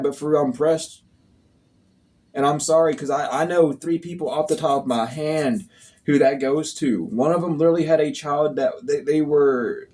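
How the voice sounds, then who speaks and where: A man's voice: medium pitch, darkish tone. A man talking straight to his viewers as a spiritual reader, in a blunt, profane, scolding way. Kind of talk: casual monologue to viewers.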